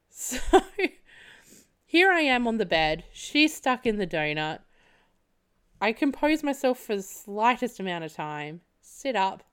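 A woman's voice: mid-range voice, smooth. A young woman hosting a podcast, telling a funny personal story with lots of laughing and casual swearing. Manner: animated, laughs often while telling, swears freely. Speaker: podcast host.

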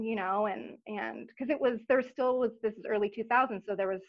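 Earnest soft-spoken woman, muffled recording. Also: fairly high pitch. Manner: earnest, reflective, soft-spoken with frequent pauses. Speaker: podcast guest. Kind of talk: personal story in a casual interview. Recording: slightly dull recording.

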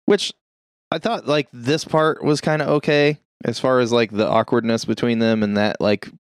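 A man's voice: medium pitch, normal speed, clear, resonant tone, dry recording, studio quality. A man casually recapping a movie for friends, rambling with lots of fillers and swearing. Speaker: podcast co-host recapping a movie.

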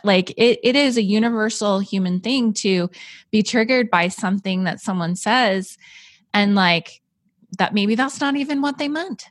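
A woman's voice: mid-range voice, fairly bright tone, no room sound, clean studio sound. A woman hosting a conversation, chatty and enthusiastic, with lots of "like" and "right". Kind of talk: casual conversation.

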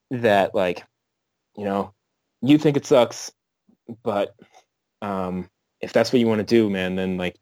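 A man's voice: fairly low pitch, a little mellow, no room sound. A man, a musician guest, giving a casual interview answer in a laid-back way with lots of fillers.

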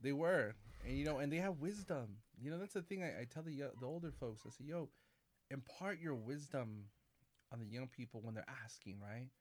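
A man in his forties, a Catholic priest, chatting casually and telling animated stories, acting out quoted dialogue and calling people "man" and "baby". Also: medium pitch, a little fast. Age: 40s. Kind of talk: casual conversation.

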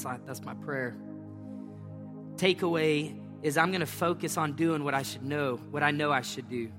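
A middle-aged man preaching a conversational sermon as pastor, emphatic and folksy, repeating his phrases. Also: on the high side. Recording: reverberant hall with faint music.

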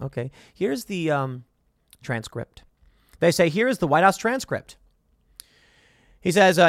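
A man's voice: a little high, fairly bright tone, dry recording, studio quality. A man hosting a political commentary show, reading headlines aloud and mocking them with sarcastic emphasis.

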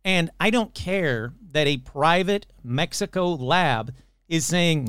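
A man's voice: a little high, lively intonation, takes it slowly, fairly bright tone, smooth, no echo, studio quality. A man hosting a paranormal podcast in casual, sarcastic chat, swearing freely and slipping into mocking voices. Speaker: podcast host.

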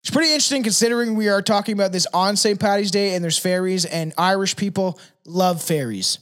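High-voiced man, laughing and swearing. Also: fast talker. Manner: laughs often, swears, animated storytelling. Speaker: podcast co-host. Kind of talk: casual chat.

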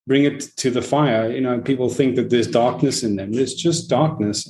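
A man talking casually, reflective one moment and animated the next as he spins a story, pitched right in the middle for a man, and now and then dropping a swear word. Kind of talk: casual conversation.

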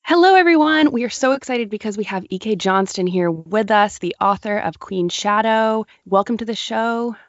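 A woman's voice: medium pitch, animated, normal speed, hardly any pauses, no echo, lo-fi sound. A young woman co-hosting a podcast, chatting in an upbeat, enthusiastic way. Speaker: podcast co-host. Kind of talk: casual podcast chat.

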